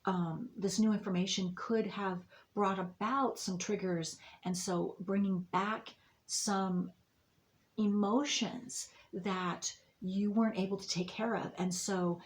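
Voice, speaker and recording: A woman's voice: medium pitch, steady tone, takes it slowly. A woman giving a monthly intuitive reading to her viewers, rambling and restarting with many fillers in a reassuring tone. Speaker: astrology and tarot reader.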